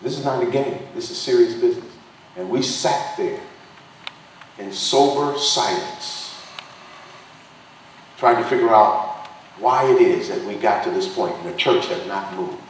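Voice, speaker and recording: A man's voice: fairly low pitch, unhurried, pauses often. A man preaching a passionate political sermon to a dinner crowd, driving his points home with repeated phrases and a preacher's cadence. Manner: emphatic preaching cadence with repetition. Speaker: pastor and congressional candidate. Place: potluck dinner hall. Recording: distant echoey room recording with faint noise.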